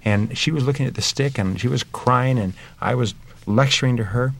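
A man's voice: medium pitch, normal speed, creaky. A middle-aged man talking earnestly about family values, telling stories from his own home life. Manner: earnest storytelling with examples. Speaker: parenting speaker.

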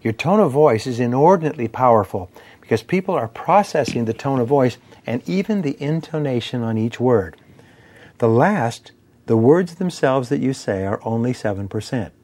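A man delivering a motivational lecture on persuasion, measured and emphatic, ticking through points in steady lists. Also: medium pitch. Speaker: speaker on persuasion and sales.

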